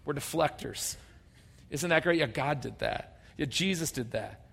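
A man preaching a sermon as pastor, conversational and humorous, swinging between loud emphatic bursts and quiet low asides. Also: lively intonation, moderate pace, creaky. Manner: conversational and humorous, acting out people's voices.

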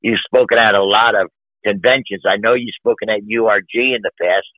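Speaking briskly in a fairly low voice with mostly even intonation, a man hosts a podcast interview. He's effusive and emphatic, full of admiration for everyone he mentions, and the audio is dry with a narrow, phone-like band.

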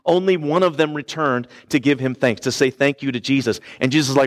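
A man's voice: medium pitch, fast talker, few pauses. A man preaching a sermon earnestly, swinging his voice up and down for emphasis and checking in with the congregation. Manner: asks the congregation for response. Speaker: pastor.

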